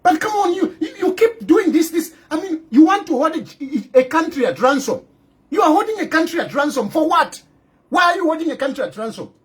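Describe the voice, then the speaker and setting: High, lively Zambian man scolding. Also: fairly quick. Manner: scolding, rhetorical, repeats his questions. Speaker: political commentator. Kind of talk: impassioned direct-to-camera address.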